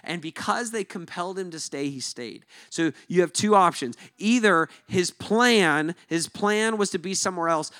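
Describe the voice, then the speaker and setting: A male pastor with a notably high voice preaches in a relaxed, talky style. He sounds animated and informal, tossing in "like" and "right?" as he goes. The sound is dry and close, with no room echo. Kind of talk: conversational sermon.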